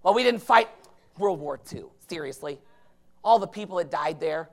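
A man preaching a fiery sermon from the pulpit, dropping to low murmurs and then rising to shouts. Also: lively intonation, moderate pace. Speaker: pastor.

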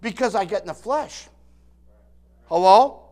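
A man's voice: high-pitched, expressive, measured pace, mellow. A man in his sixties preaches with emphatic force. He restarts and repeats his words often as he goes. He keeps calling out to his listeners for a response. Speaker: pastor. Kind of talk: sermon.

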